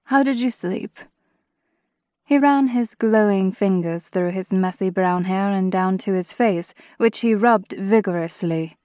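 A woman's voice: medium pitch, unhurried, few pauses, mellow, no room sound, clean studio sound. Woman narrating a fantasy audiobook.

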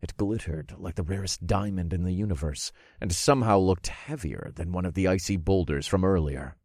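Deep-voiced man narrating a dark fantasy audiobook. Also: dry recording, studio quality. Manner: measured, dramatic storytelling.

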